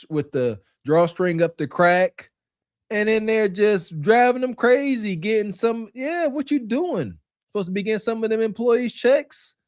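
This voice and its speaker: A man with a high, very lively voice delivers mocking podcast commentary and slips into characters to act out quotes. The recording is dry and close. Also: dry recording. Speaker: podcast co-host.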